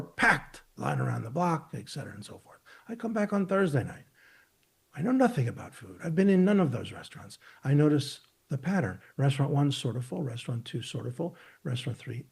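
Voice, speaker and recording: A man in his fifties, a market technician appearing as a guest on a video call, explains his ideas through long, emphatic, rambling analogies with frequent restarts. His voice sits on the high side, with vocal fry and a slight roughness.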